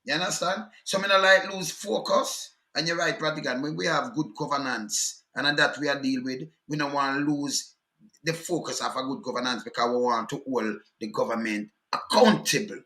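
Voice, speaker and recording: A man's voice: mid-range voice, steady tone, normal speed, pushed and bright, echoey room. A man with a Jamaican accent hosting a call-in talk show, easygoing and affirming. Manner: easygoing, affirming, patois-laced. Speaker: host.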